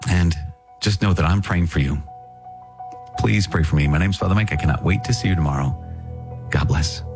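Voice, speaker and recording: A priest with a very deep voice gives a gentle, pastoral closing prayer and farewell. Soft music plays faintly underneath. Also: male voice, normal speed. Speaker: Catholic priest.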